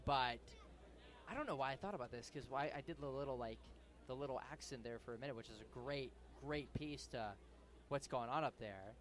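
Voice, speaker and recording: A man's voice: medium pitch, brisk, slight background noise. A young man in a ballpark broadcast booth, chatting as the color commentator in a rambling, self-interrupting way and laughing often. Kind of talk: casual baseball booth banter.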